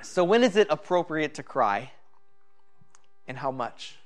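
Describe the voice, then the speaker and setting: Halting, reflective male pastor. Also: on the high side, sing-song. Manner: halting, reflective, with many fillers. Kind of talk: personal sermon.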